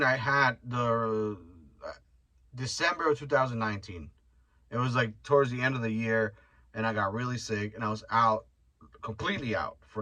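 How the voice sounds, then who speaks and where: A young man of Mexican heritage hosts his own podcast, a casual solo rant of rambling stories told in a loose, profane, joking way. His voice is mid-range with a sharp tone, and the recording is rough.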